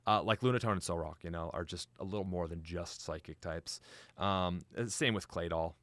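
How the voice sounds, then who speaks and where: A man's voice: deep voice, a little fast, a bit bright, no echo. A young adult man chatting on a live stream, laughing often and talking straight to his chat. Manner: giggly, frequent laughter; chatty, addresses chat directly.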